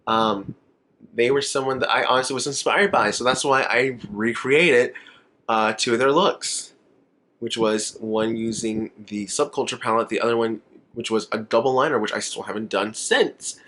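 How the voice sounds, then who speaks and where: A man's voice: mid-range voice, moderate pace, bright, forceful tone. A young man talks straight to his camera in a casual makeup vlog. He rambles freely, gets emotional and laughs often, in an ordinary mid-range voice. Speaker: makeup vlogger.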